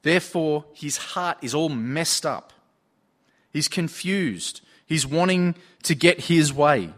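Male preacher, slightly raised pitch, earnest storytelling sermon delivery. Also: lively intonation, takes it slowly, fairly bright tone. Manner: earnest, storytelling with retold dialogue.

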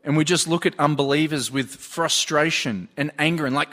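Male preacher, slightly raised pitch, earnest storytelling sermon delivery. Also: moderate pace, hardly any pauses, bright, forceful tone. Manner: earnest, storytelling with retold dialogue.

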